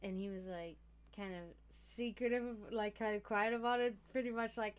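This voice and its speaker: A woman's voice: medium pitch, steady tone, moderate pace, clear, resonant tone. A woman hosting a casual livestream, rambling freely, swearing a lot and laughing often as she talks. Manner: chatty, profane, laughs often. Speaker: livestream host.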